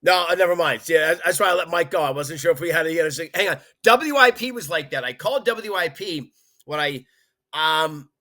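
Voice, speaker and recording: A man who used to be a radio sportscaster, chatting on a panel and cutting in quickly. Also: on the high side, bright, forceful tone. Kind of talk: casual panel chat.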